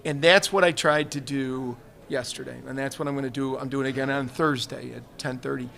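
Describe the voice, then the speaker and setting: A retired fire chief speaks at a medium pitch with fairly even intonation, his voice creaky and fairly bright, and his pace brisk. On a trade show livestream set he tells earnest, reflective personal stories in a candid live interview, often quoting other people along the way.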